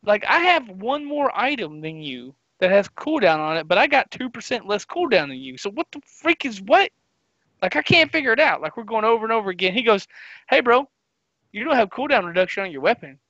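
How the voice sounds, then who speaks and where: A man's voice: high voice, very animated, brisk, sharp tone, no echo, dull audio. A man co-hosting a gaming podcast, telling a long story in casual chat and acting out his friends' lines. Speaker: podcast co-host.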